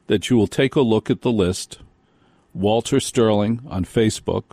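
Chatty older radio host. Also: male voice, on the low side, dark tone, no room sound, clean studio sound. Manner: folksy, rambling, mock voices for bits. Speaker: radio talk show host. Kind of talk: live radio talk, chatty monologue.

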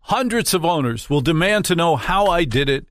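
A man's voice: a little high, expressive, normal speed, a bit bright. A man hosting a nightly radio talk show, talking into a studio microphone with sarcastic, mock-outraged asides.

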